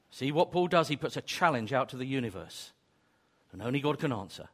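A man's voice: medium pitch, sing-song, fairly quick, husky. A man preaching a sermon, emphatic and repetitive, with joking asides. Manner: emphatic, repetitive, builds to exclamations.

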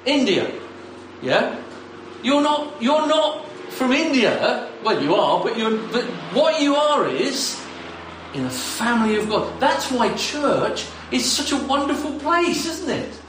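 A man's voice: very high-pitched, big pitch swings, takes it slowly, noisy background. A man preaching a sermon to his congregation, exclamatory and addressing them directly. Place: church hall. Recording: echoey hall from far off.

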